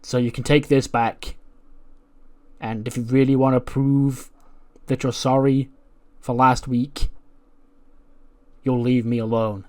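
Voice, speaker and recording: A man's voice: mid-range voice, little pitch movement, slow pace, long pauses, dark tone, close to an everyday voice. A man voicing a tough, dismissive female wrestler turning someone away. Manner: blunt, firm. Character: blunt tough woman wrestler, cold and dismissive.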